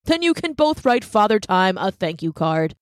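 A woman's voice: mid-range voice, sing-song, normal speed, no echo, clean studio sound, lightly acted. A woman doing a matter-of-fact dad. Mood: dismissive. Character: calm, practical father.

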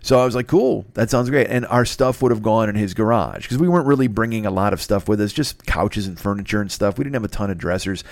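A middle-aged man with a low voice tells a long story on a podcast, swearing freely and getting worked up as he goes. The sound is dry and close, with no room around him. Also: fast talker, gravelly, few pauses, no echo. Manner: profane, rambling, excitable. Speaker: podcast host. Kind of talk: casual storytelling.

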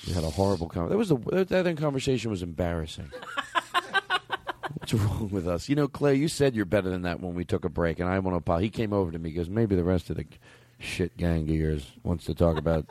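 A man's voice: low-pitched, very animated, fairly quick, no room sound. A middle-aged man hosting a comedy podcast, rambling, profane and self-mocking. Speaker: podcast host.

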